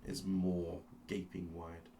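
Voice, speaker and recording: Game master, male, deep and gravelly, slow suspenseful narration with restarts. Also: monotone, dark tone, a little hiss or hum. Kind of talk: dramatic second-person narration of a tabletop game.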